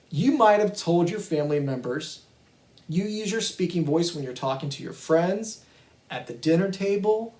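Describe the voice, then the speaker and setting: Man, music teacher, high voice, slow unhurried delivery, patient with little kids, echoey room. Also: a little mellow. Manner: patient and encouraging, addressing young children and families. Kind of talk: virtual kindergarten lesson.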